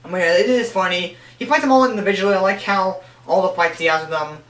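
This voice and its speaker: A man's voice: high-pitched, fast talker, fairly bright tone. A young man giving a casual, rambling countdown of favorite cartoon episodes, with lots of restarts and fillers. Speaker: show reviewer. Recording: echoey room, voice a bit far from the mic.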